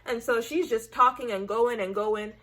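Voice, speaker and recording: High-voiced, animated woman vlogger. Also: moderate pace. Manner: animated and emphatic, acting out her own reactions; chatty, heavy use of "like" and "I said". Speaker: TV recap vlogger. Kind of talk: casual TV episode recap.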